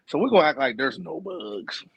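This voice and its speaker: A man's voice: medium pitch, big pitch swings, brisk, creaky, a bit bright, breathy edge, no echo. A man co-hosting a podcast, chiming in with playful interjections and teasing questions. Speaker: podcast co-host. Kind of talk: casual movie-recap chat.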